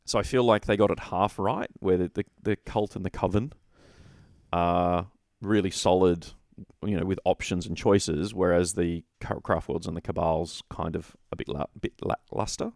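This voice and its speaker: A man's voice: low voice, fairly even intonation, normal speed, gravelly, a little mellow, no room sound, studio quality. A man co-hosting a casual tabletop wargaming chat, rambling and opinionated, often correcting himself mid-sentence. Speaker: podcast co-host.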